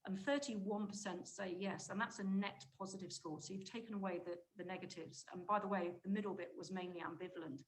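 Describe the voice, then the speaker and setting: A woman giving a conference presentation on shopper research, talking briskly and emphatically with frequent restarts mid-phrase. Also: mid-range voice, steady tone, rough recording. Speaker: conference speaker, market insight director.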